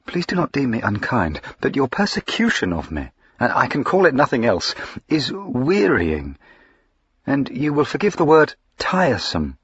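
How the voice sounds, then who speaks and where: A man reading aloud, voicing a proud, indignant young Georgian lady in a raised, crisp, haughty voice. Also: medium pitch, wildly swooping pitch, moderate pace, fairly bright tone, dry recording, lo-fi sound, pitched above the performer's own voice, full character voice.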